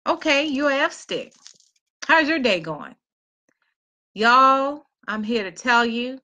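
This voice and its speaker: Bright, high-voiced woman telling her story. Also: takes it slowly. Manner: animated storytelling, acts out others in high voices. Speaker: motivational speaker. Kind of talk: storytelling talk.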